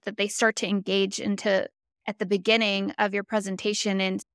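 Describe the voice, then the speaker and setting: Woman, podcast host, conversational, thoughtful, smooth resonant voice with vocal fry. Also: mid-range voice, fairly bright tone, no echo, clean studio sound. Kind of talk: podcast interview.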